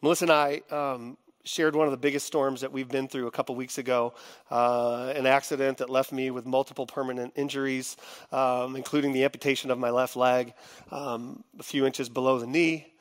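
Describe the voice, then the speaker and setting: A middle-aged man preaching a sermon, heartfelt, moving between quiet confiding and loud, impassioned venting. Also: mid-range voice, level tone, fairly quick. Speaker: pastor.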